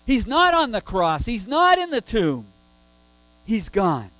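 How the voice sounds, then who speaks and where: Male preacher, high animated delivery, slow emphatic sermon, dry sound. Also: no echo, poor audio. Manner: emphatic with rhetorical questions.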